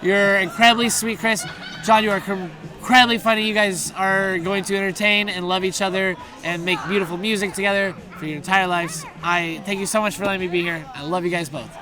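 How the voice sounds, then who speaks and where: A man's voice: sits high, fairly even intonation, brisk, a crowd in the background. A man giving a rambling, anecdotal wedding toast outdoors, laughing as he tells a story and mimicking voices in the quotes.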